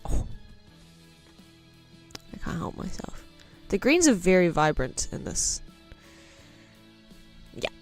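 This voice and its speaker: A woman's voice: lowish voice, very animated, slow, pauses often, faint music behind. Chatty New woman streaming as she draws. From New Zealand. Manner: chatty and self-mocking, muttering to herself while working. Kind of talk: casual live-stream chat while drawing.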